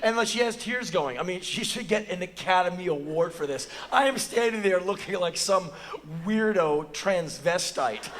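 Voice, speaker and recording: Profane, animated American man on stage. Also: normal speed, a little hiss or hum. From United States. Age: 40s. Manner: animated, profane, acts out quotes in a high voice. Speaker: spoken word performer. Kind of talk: live spoken word storytelling. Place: theater stage before an audience.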